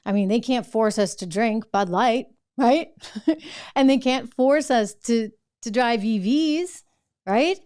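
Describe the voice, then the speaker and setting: A woman's voice: on the high side, takes it slowly, a little mellow, clean tone. A middle-aged woman hosting a political commentary show, talking in a sarcastic, mocking way.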